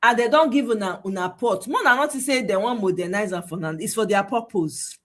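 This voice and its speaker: A woman's voice: medium pitch, brisk. A Nigerian woman with a Nigerian accent, slipping into Pidgin, hosting a political livestream and mocking with laughing asides and exclamations. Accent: Nigerian, mixing Nigerian Pidgin. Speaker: livestream host.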